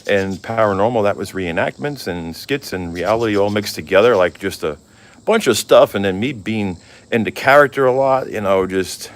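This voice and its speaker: A man's voice: fairly low pitch, moderate pace. A middle-aged man vlogging in a casual, candid chat, rambling with lots of fillers. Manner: rambling, candid, full of "you know" fillers.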